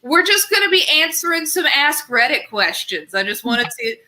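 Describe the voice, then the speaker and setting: A woman's voice: sits high, sing-song, pushed and bright, slight background noise, rough recording. A woman hosting a casual comedy chat, bubbly and chatty. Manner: chatty, bubbly, quick asides. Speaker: podcast host.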